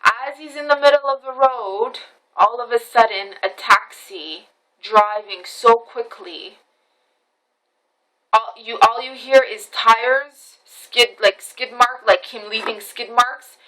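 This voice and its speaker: A woman's voice: a little high, slow pace, sharp tone, low-quality recording. A woman recording a casual storytelling vlog on her camera phone, recounting events animatedly with many restarts, repetitions and swearing. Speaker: vlogger.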